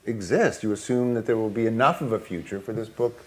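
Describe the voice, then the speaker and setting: A man with an American accent, an author on a live panel, reasoning aloud in a thoughtful, halting way. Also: on the low side. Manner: thoughtful, hesitant, with quick laughs. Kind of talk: panel discussion.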